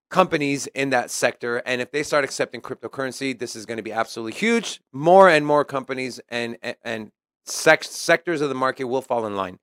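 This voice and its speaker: A man's voice: mid-range voice, a bit bright, smooth, dry recording, studio quality. A man co-hosting a casual podcast, reading news aloud and commenting in a chatty way. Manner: chatty, reads article quotes then comments. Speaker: podcast co-host.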